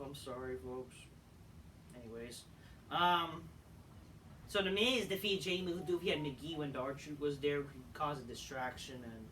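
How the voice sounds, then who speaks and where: Brief: weary, profane male reviewer, bright sharp tone, off-mic with faint hiss, swings into shouting. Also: on the high side. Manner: profane, rambling, bursts into shouting rants. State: tired. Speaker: wrestling show reviewer. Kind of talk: casual rant review. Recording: distant mic with faint background noise.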